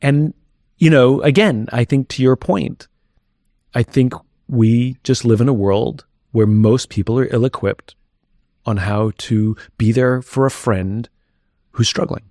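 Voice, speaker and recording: A man's voice: mid-range voice, unhurried, warm tone, no room sound. Candid, reflective man speaking in a dry room. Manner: reflective and candid, thinking aloud. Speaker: guest. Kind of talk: candid conversational interview.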